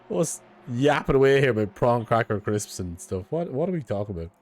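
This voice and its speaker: A man's voice: medium pitch, sing-song, moderate pace. A man co-commentating a sim race in a casual, bantering style, laughing easily.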